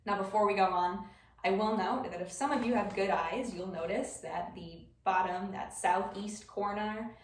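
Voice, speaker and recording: A woman's voice: medium pitch, moderate pace, a little hiss or hum. A young adult woman giving a class presentation, explaining step by step with scattered ums. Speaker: student presenter. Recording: roomy echo, voice far from the mic.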